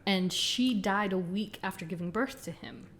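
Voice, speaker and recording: A woman co-hosting a podcast in casual chat, chatty and quick to laugh as she runs through details. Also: mid-range voice, fairly bright tone. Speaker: podcast co-host.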